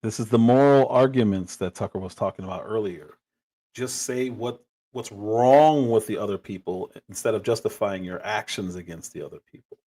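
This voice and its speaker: A man's voice: lowish voice, moderate pace, warm tone. A man hosting a livestream, giving exasperated, mocking reaction commentary. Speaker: livestream host.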